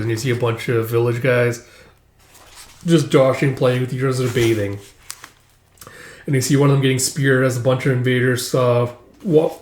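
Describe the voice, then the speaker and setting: A man walks through a comic's story in a loose, chatty way, full of fillers. His voice sits at an ordinary pitch. The room gives it a noticeable echo. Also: darkish tone. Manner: loose, filler-heavy narration. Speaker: reader retelling a manga. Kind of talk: casual retelling.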